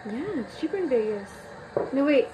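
High-voiced woman teasing on a livestream. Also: lively intonation, normal speed. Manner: teasing, laughs easily. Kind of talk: casual chat. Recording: phone livestream audio with clear background noise.

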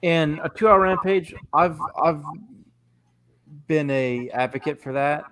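Measured, stumbling male podcast co-host. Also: on the high side, a bit bright. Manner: measured, repeats himself, stumbles. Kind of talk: casual chat.

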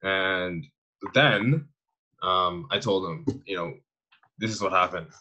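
Young canadian guy, lowish voice, slangy and laughing through his stories. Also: takes it slowly, highs cut off. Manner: slangy, animated storyteller who laughs often. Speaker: guest, online fitness coach. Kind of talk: casual conversational interview.

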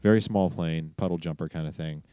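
A man's voice: low-pitched, brisk, warm tone, clean tone, no room sound. A man in his thirties co-hosting a casual travel podcast, rambling through stories with a slightly curmudgeonly, wry manner. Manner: rambling storyteller, self-described curmudgeonly. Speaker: podcast co-host.

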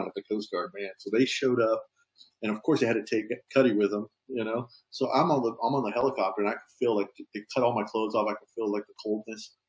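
Man, lowish voice, police officer, laid-back storyteller, says "man" a lot. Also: a little mellow, rough recording. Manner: easygoing, peppers talk with "man". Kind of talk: casual storytelling.

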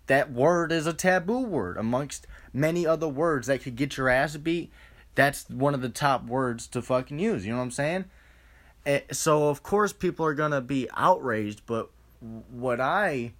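A man's voice: a little high, fairly bright tone. Man in a profane rambling rant. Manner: profane, rambling, with frequent restarts and rhetorical questions. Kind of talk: casual ranting monologue.

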